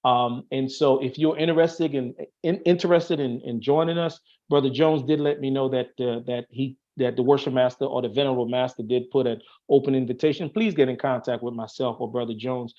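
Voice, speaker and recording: A Masonic officer on an online show speaks a little fast, with hardly any pauses, his mellow medium-pitched voice keeping a steady tone through dull audio. In casual talk he explains things earnestly, thinking aloud with plenty of fillers and restarts.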